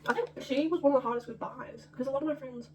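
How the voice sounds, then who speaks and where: Fast-chattering young Australian woman. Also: high voice, fairly even intonation, a little mellow, echoey room. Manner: rapid, rambling, full of "like". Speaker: vlog host. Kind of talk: casual chat. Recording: mic far off, noisy background.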